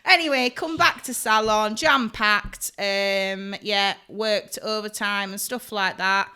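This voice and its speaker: A woman's voice: medium pitch, slow pace, smooth. A young woman, chatting casually on a podcast and acting out quotes as she tells stories. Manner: animated storyteller, acts out quotes. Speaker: podcast co-host, hairdresser. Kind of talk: casual chat.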